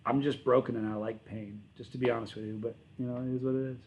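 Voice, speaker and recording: A man's voice: medium pitch, flat delivery, fast, a little mellow, poor audio. Rambling man chatting on a livestream. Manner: rambling, self-correcting, friendly. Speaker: channel host reading live chat. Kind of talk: casual livestream chat.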